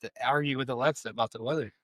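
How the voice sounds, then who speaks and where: A man's voice: medium pitch, steady tone, rapid-fire, a bit bright, no room sound. A man, co-hosting a podcast in rambling, self-deprecating casual chat. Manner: rambling, self-deprecating, with many fillers and restarts. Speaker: podcast co-host.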